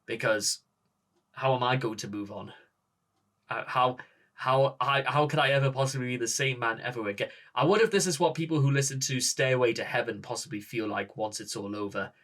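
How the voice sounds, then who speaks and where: A man with a Northern English accent talks to his viewers about a song he has just heard. He stumbles, restarts and fires off rhetorical questions, overwhelmed with excitement. His voice sits at an ordinary middle pitch. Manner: gushing, halting, many restarts and rhetorical questions. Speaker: music reaction host. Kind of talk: excited reaction talk to camera.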